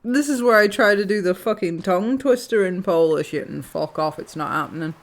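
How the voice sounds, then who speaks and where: A woman's voice: mid-range voice, expressive, a little fast. A young British woman streaming a farming game, swearing freely and laughing through casual banter. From Britain. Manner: swears often, laughs between lines.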